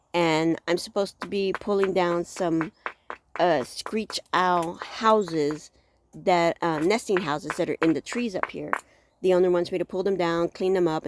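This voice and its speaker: A woman's voice: on the low side, darkish tone, slight background noise. A woman vlogging from a rural campsite, telling stories animatedly with gasps and exclamations. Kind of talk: casual vlog chat.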